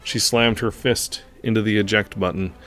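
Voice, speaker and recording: A man reading a story aloud in an earnest, steady narrating manner. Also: lowish voice, moderate pace.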